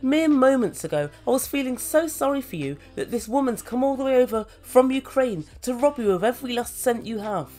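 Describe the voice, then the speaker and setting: A woman's voice: a little high, expressive, fairly quick, few pauses, a little mellow, faint music behind. A woman recapping a reality show with a sardonic, mocking delivery and free swearing. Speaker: reality TV reviewer. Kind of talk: sarcastic recap commentary.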